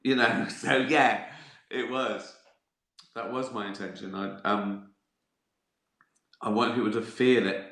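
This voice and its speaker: A man's voice: fairly low pitch, fairly even intonation, slow pace, pauses often, fairly bright tone, reverberant. A man hosting a casual live-stream Q&A, reading out viewer questions and answering them with jokes and swearing. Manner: sweary, jokey and teasing.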